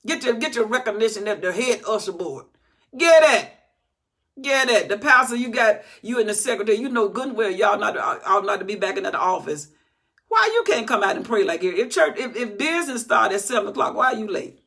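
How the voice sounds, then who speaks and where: A woman giving an informal Bible teaching, her voice gravelly with a tense, forceful edge. She scolds and repeats herself for emphasis. The delivery is loose and conversational, not polished. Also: mid-range voice, animated, quick pace.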